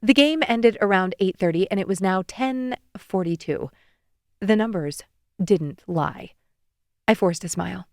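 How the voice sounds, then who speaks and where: A woman's voice: medium pitch, measured pace, dry recording. A young woman narrating a romance audiobook in the first person, wry and intimate, on a close studio mic.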